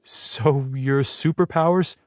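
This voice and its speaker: A man's voice: takes it slowly, darkish tone, dry recording, studio quality. A man voicing a frightened, fiery young woman who talks in a shaky, pleading way. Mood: disbelieving. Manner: pleading, shaky, high-strung.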